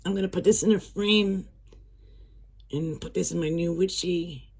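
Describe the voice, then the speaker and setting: A woman vlogger chatting casually as she unboxes items at home, excitable, gasping and dropping to whispers with delight. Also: fairly low pitch, moderate pace, breathy edge.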